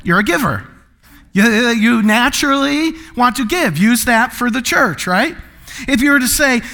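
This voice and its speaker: A man's voice: very high voice, big pitch swings, moderate pace, pushed and bright. A man pastor preaching a sermon in a playful way, acting out comic voices and laughing often between points.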